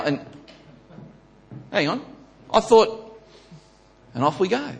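A man preaching a sermon, building to loud emphatic peaks and repeating his key questions. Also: sits high, lively intonation, measured pace, long pauses. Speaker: pastor.

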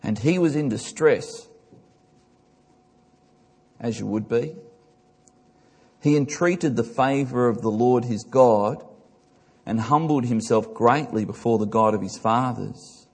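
A pastor preaches with a husky voice, swinging from emphatic highs to quiet lows. He reads scripture and stops to comment on it. His words ring out with the long reverb of a large church hall. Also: takes it slowly, pauses often. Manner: emphatic preaching with big rises and drops. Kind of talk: sermon.

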